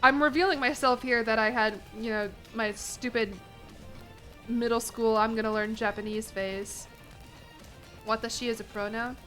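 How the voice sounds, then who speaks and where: A woman's voice: normal speed, soft background music, low-quality recording. A young adult woman streaming a game, chatting casually with playful, self-mocking jokes and bursts of laughter. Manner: bursts of animated laughter and pitch jumps. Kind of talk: casual livestream chat while playing a game.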